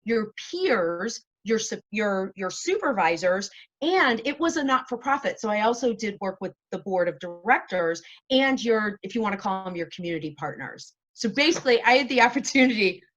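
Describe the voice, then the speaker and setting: A woman's voice: mid-range voice, animated, moderate pace, a bit bright. Chatty self-mocking woman on a dull call. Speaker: show host, interviewed as guest. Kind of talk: casual interview talk.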